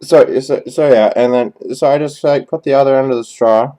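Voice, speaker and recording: A young man performing a dry, halting comedy monologue in character, crude and profane, recorded on a cheap webcam. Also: mid-range voice, mellow, low-quality recording. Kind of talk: deadpan rambling character monologue.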